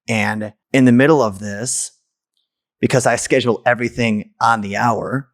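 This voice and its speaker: A man hosting a podcast tells a personal story, blunt and candid, swearing casually. His voice sits low with a gravelly edge. The sound is dry and close, with no room around it. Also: steady tone, normal speed, no room sound. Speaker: podcast host.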